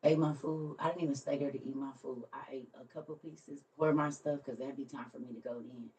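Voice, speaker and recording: A woman who hosts a livestream and tells a story in a casual way. She laughs often and swings between soft, quiet lines and loud ones. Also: very deep voice, steady tone, brisk, distant mic. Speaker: livestream host.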